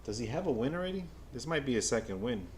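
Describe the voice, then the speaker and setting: Man, mid-pitched voice, fan livestream play-by-play, excitable, stammering, talks to chat, faint background noise. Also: fast. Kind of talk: casual live game watch-along commentary.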